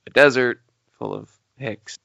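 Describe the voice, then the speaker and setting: Gravelly-voiced man joking around. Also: mid-range voice, a little slow, pushed and bright, no echo. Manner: joking, trailing off. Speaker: podcast co-host. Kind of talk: casual chat. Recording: dull, slightly lo-fi dry recording.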